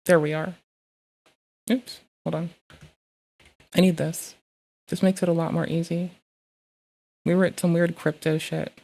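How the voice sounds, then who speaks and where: A woman streaming live, chatting casually and swearing while she fiddles with her software and reads messages aloud. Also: lowish voice, flat delivery, a little slow, vocal fry, long pauses.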